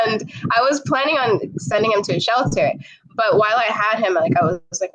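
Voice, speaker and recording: Lively, laughing New York woman. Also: on the high side, moderate pace, rough recording. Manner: laughs often, animated retelling with quoted voices. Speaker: podcast guest, travel creator. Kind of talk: casual storytelling.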